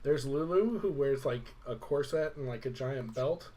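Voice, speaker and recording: A man's voice: mid-range voice, normal speed, warm tone. A young man casually recapping a video game story, rambling with lots of "like" and fillers. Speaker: let's play host.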